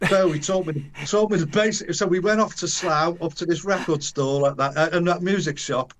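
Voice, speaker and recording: A man's voice: on the high side, moderate pace, a little hiss or hum. An older man, a guest in an interview, telling a long casual anecdote in colloquial slang, acting out the voices of the people he quotes and restarting his sentences often. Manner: animated, acts out quoted voices, frequent restarts and chuckles.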